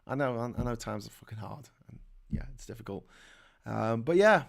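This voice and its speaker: Gravelly and animated at a medium pitch and normal speed, this middle-aged man from England hosts a laid-back livestream in a Liverpool accent. He rants with heavy swearing and sarcasm while reading out viewers' chat messages.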